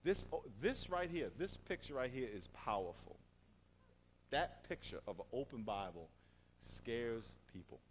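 Man, pastor, animated sermon, rhetorical questions, reverberant hall. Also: mid-range voice, measured pace, slight background noise.

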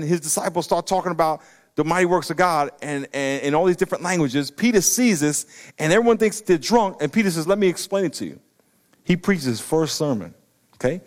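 A middle-aged man, preaching an animated sermon that breaks into loud emphatic bursts. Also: on the high side. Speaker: pastor.

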